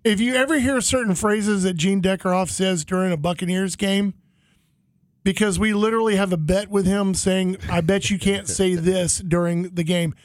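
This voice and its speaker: A man telling a long anecdote in casual chat, animated and acting out the voices of people in the story. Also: high-pitched, normal speed, no echo, clean studio sound.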